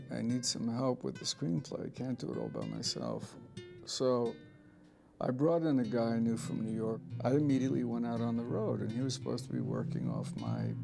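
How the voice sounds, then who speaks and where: A film director in an interview, telling rambling, blunt anecdotes with some profanity. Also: male voice, mid-range voice, gravelly, dark tone. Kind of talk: interview storytelling.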